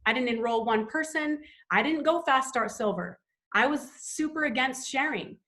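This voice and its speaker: A woman's voice: sits high, animated, moderate pace, bright, forceful tone. A woman hosting a sales team call, talking in an enthusiastic, gushing, motivational way.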